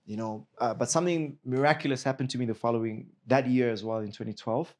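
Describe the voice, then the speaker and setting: Zimbabwean actor guy chatting in an interview, mid pitch, gets loud and animated telling stories. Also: fast. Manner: animated, bursts into a put-on Nigerian accent and laughter. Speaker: actor guest. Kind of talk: casual storytelling interview.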